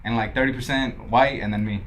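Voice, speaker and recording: A man's voice: medium pitch, fairly even intonation, brisk, a bit bright, a little hiss or hum. A young man from Los Angeles, a podcast guest who tells his story casually, swearing often and acting out what others said. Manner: laid-back, swears a lot, quotes others in dialogue.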